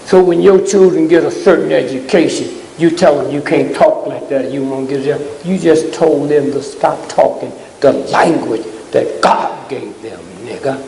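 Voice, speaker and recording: A man giving a fiery, preaching-style talk to a live audience, blunt and scolding, often pausing to ask the crowd "huh?". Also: on the high side, creaky, mellow, a little hiss or hum. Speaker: speaker addressing a live audience. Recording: echoey hall with long reverb.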